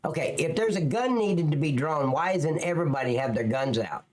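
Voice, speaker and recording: Scornful swearing male commentator with lively pitch. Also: a little fast. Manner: sarcastic, scornful, swears constantly. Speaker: commentator reacting to police footage. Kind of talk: profane video commentary.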